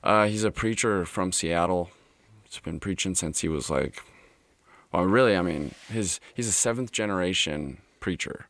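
Young man, deep fry-edged voice, relaxed candid talker, dry studio sound. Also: moderate pace, no room sound. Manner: laid-back, candid, swears freely, drawling. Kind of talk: casual chat.

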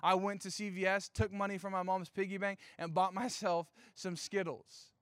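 Lively young male youth preacher. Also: high-pitched, normal speed, clean tone, no room sound, studio quality. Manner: animated storytelling, chatty fillers. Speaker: youth pastor. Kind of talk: casual sermon with personal story. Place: outdoor evening gathering.

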